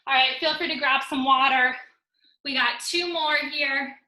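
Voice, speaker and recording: Female fitness instructor, high and very bright, upbeat countdowns, a bit winded, echoey room. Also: steady tone, moderate pace. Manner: upbeat coaching, counting down reps, joking asides. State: out of breath. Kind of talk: live online workout class instruction. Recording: roomy echo.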